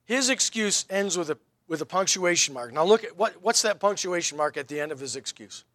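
A man preaching from the pulpit, his voice pitched high and ringing bright. He needles his listeners with rhetorical questions and wry emphasis, and the sound is close and dry with no room echo. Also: animated, a little fast. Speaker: pastor. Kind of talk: sermon.

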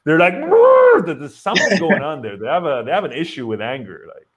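A man's voice: mid-range voice, animated, fast talker, a crowd in the background. A man hosting a podcast, joking and teasing his guest and laughing while he talks. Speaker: podcast host. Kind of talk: casual chat.

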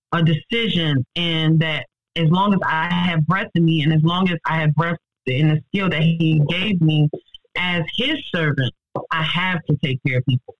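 A woman speaks as an ICU nurse, heartfelt and faith-driven, pressing her points with quick emphasis. The recording is close and very dry, with no room sound. It also has a slightly dull, muffled tone. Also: sits low, no room sound. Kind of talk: personal testimony in an interview.

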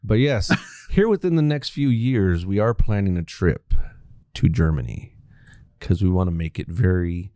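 Low-voiced, lively teasing man on a podcast. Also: unhurried, no room sound, clean studio sound. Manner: teasing, laughs often, talks to listeners. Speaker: podcast co-host. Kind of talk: casual podcast banter.

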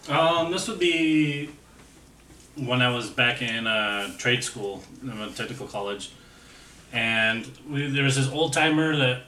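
A man on a podcast telling a story in a relaxed, halting way, with fillers and swearing. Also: medium pitch, recorded from a distance, slight background noise. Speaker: podcast co-host. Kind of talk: casual storytelling chat. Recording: echoey room, somewhat off-mic, faint ambience.

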